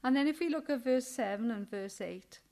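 A woman's voice: a little high, animated, moderate pace, vocal fry, dark tone. An older woman leading a Bible study in an earnest, chatty sermon style, often ending her points with tag questions and acting out indignant quotes with animation. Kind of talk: informal sermon.

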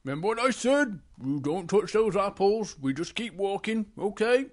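A man voicing a sensible grown-up bear in a children's story, patient and gently scolding. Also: high voice, animated, moderate pace, voice pushed up. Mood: reminding.

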